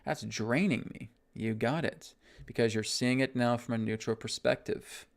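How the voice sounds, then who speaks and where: A man teaching a spiritual self-help lesson, guiding breathing in a slow, soothing way and often checking in with "right?". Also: medium pitch, vocal fry. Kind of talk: guided self-help talk.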